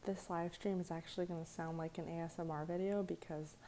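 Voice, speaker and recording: A young woman hosting a late-night live stream, talking low and softly, half whispering at times so she won't wake anyone. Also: steady tone, a little fast, slight background noise. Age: young adult. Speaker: livestream host. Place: echoey room at night.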